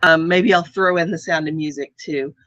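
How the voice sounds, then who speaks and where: A woman's voice: low-pitched, steady tone, normal speed, fairly bright tone, no room sound, dull audio. A woman with a Midwestern accent and a faint Southern trace, chatting casually with viewers, rambling with many ums and restarts. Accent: American Midwest, faint Southern. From United States. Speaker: vlogger. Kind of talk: casual live chat.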